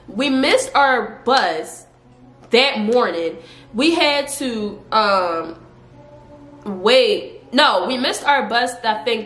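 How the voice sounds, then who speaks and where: A young woman telling a story to her vlog viewers in a casual, animated way, laughing often and acting out quotes. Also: fairly high pitch, reverberant. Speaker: vlogger.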